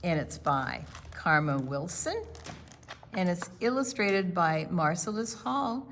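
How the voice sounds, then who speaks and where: Older lady reading a kids book aloud, slow, bright voice, lots of ups and downs. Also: on the low side, a little hiss or hum. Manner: slow, animated read-aloud. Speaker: storytime reader.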